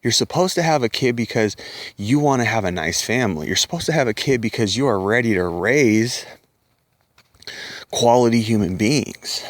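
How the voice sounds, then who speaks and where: A man's voice: medium pitch, dry recording, clean studio sound. A middle-aged man ranting bluntly to camera, scornful and profane, sometimes mocking the voices of other people. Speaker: commentator.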